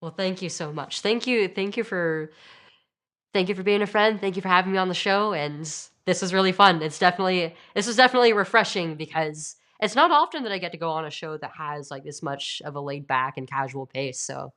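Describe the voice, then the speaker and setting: Young woman guest on a remote call, kinda low voice, lots of "like", hesitant. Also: fairly quick, fairly bright tone. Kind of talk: casual chat. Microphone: remote call over satellite internet.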